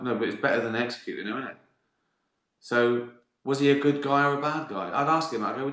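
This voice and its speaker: Talking fast in a mid-range, fairly bright voice, a man hosts a live stream from an indoor room with a roomy echo. He fields viewer questions in a comic monologue full of swearing, laughter, and riffs on absurd ideas.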